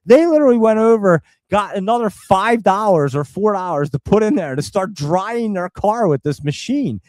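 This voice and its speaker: A middle-aged man, host of a live show, telling a long story to viewers in a casual, animated way and laughing now and then. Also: high-pitched, normal speed, no room sound.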